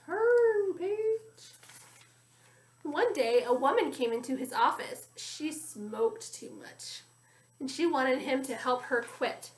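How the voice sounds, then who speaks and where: A woman reading a children's chapter book aloud in a friendly, expressive storytelling way. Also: sits high, slow, roomy sound, a little hiss or hum. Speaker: story reader.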